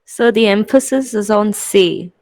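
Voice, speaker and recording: A woman student answering a lecturer's question over a video call, halting and thinking aloud. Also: mid-range voice, darkish tone, no room sound. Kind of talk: answering in class.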